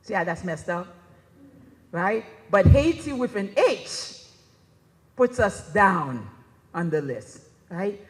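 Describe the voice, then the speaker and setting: Chatty woman presenting in a reverberant hall. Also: mid-range voice. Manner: conversational, keeps asking "right?". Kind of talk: conference presentation.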